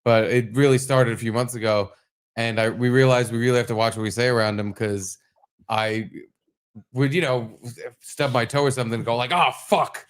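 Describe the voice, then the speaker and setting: Podcast host, male, mid-pitched, relaxed and amused storyteller, casual chat. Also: fairly quick, clear, resonant tone.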